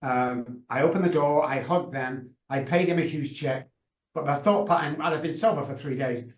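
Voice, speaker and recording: This guest on a video call is a middle-aged addiction consultant whose voice sits on the high side at a moderate pace. He shares his story with emotion, passion and emphasis, and the room echoes noticeably.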